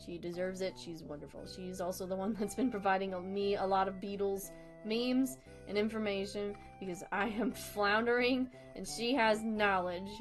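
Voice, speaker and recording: A woman's voice: medium pitch, fairly even intonation, moderate pace, faint music behind. Giggly woman chatting on a stream. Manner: giggly, rambling, self-deprecating. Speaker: streamer drawing live. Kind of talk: casual livestream chat.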